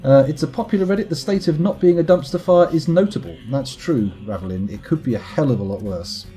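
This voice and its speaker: A man streams a game and chats with his viewers in a rambling, self-mocking, wry way. His voice rises and falls a lot, lively and full of movement. Soft guitar music plays faintly behind him. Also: a little high, a little fast. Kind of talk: casual live-stream chat while gaming.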